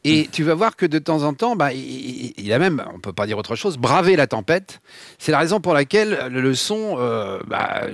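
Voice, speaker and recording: A man hosting a lively talk show, eager and repeating himself in quick bursts. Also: on the high side, creaky, no echo, studio quality. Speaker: host.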